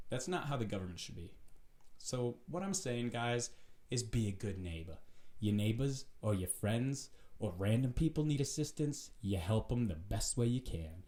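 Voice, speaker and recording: A man hosting his own vlog, delivering a profane, animated rant in a casual, preachy way. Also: medium pitch, moderate pace. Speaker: vlog host. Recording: roomy echo.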